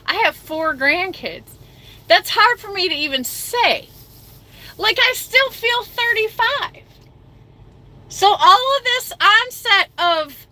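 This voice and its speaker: Chatty bright-voiced woman trucker. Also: very high-pitched. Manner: chatty, self-mocking, reads viewer comments aloud. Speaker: trucker livestream host. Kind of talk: casual livestream chat.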